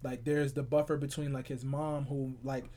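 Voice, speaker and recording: A young man from Charlotte, North Carolina, co-hosting a podcast in a relaxed, rambling chat full of "like" fillers. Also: mid-range voice, moderate pace. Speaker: podcast co-host. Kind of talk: casual chat.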